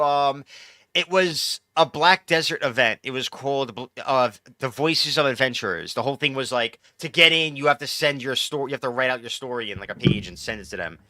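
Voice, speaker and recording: A man's voice: mid-range voice, bright, forceful tone, no echo, studio quality. A man chatting casually on a live gaming stream, rambling and swearing as he answers chat. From New York.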